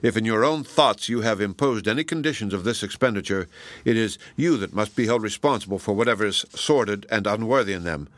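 A man reading the part of a proud, passionate woman, measured and ironic. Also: on the low side, animated, a bit bright, dry recording. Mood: probing. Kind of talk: audiobook reading.

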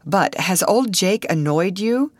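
A woman's voice: on the low side, lively intonation, slow pace, no echo, pitched above the performer's own voice. A woman reading an audiobook voices a kindly, polite male soldier who talks in a reassuring, chatty way.

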